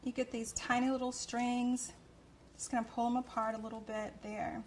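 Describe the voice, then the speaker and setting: Woman host of a cooking show, bubbly and effusive, slightly high voice. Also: flat delivery, normal speed, darkish tone, a little hiss or hum. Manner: gushing and effusive. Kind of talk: cooking demonstration.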